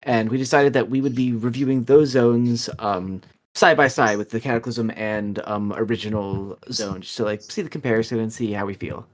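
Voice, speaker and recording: A man's voice: mid-range voice, fairly even intonation, moderate pace. A man co-hosting a casual gaming podcast, making dry jokes with many fillers. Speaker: podcast co-host.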